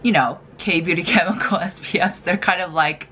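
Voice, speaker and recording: Chatty female beauty vlogger, lower register, lively filler-heavy delivery. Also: normal speed, slight background noise. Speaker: skincare vlogger. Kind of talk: casual product review chat.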